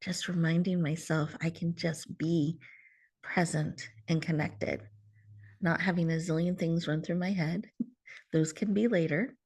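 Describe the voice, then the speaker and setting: Woman host, calm guided-breathing coach, lower voice, soothing, over a video call. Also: unhurried, breathy edge. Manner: soothing, warm coaching with soft laughs, drops to whispers. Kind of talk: gentle guided mindfulness talk.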